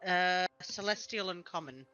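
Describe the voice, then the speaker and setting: Laid-back woman player, lowish voice. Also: a little slow, bright, forceful tone, lo-fi sound, faint music behind. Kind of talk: casual chat.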